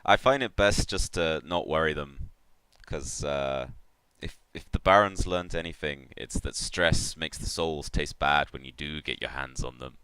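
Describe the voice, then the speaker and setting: A man's voice: rumbling low, measured pace, pushed and bright, clear, resonant tone, dry recording, exaggerated voice. A man voicing a drawling catfish soul-taker. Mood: sly. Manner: drawling folksy speech, calls everyone man. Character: gurgling catfish-man soul collector, sly and jovial.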